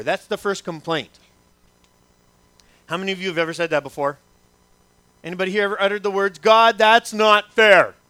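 A man, a pastor preaching a sermon, asking the congregation rhetorical questions and acting out complaints to God with dramatic pauses. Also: fairly high pitch, sharp tone, dry recording.

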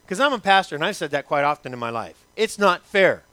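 Bright-voiced pastor preaching. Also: male voice, a little high, big pitch swings, no room sound. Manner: rhetorical questions, dramatic pauses, voices complaints to God. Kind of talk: sermon.

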